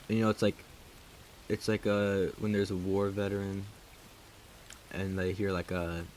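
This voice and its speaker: A man's voice: sits low, slight background noise, rough recording. A man casually telling a rambling story over gameplay, full of filler words, with music and rain playing behind. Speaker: gaming video creator.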